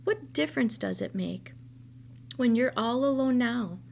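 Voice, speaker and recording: The aloof night stars speak in a cool, taunting, fairly high voice with a gravelly edge, as a woman reading a storybook gives them voice. They sound distant and mocking. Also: lively intonation, measured pace, a little mellow, a little hiss or hum, exaggerated voice.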